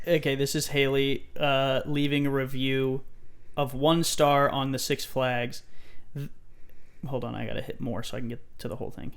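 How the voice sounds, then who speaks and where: Guy cohosting a chatty podcast, teasing and goofy, mid pitch. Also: little pitch movement, normal speed, gravelly, clean tone. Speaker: podcast co-host. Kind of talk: casual chat.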